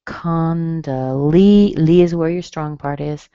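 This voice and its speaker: A woman leads a pronunciation webinar, breaking each word into its syllables and slowing down on the examples. Her voice sits a little low for a woman. The recording is dry and slightly muffled, like a computer mic. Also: dark tone, smooth, dry recording. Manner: explains patiently, sounds out syllables. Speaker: pronunciation teacher. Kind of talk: webinar lesson.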